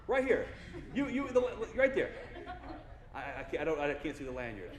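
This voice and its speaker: With a fairly high voice and big pitch swings, a young man gives a motivational keynote at normal speed, goofing around, joking, and getting the large audience to join in. The sound is echoey, as if captured from far off in a hall.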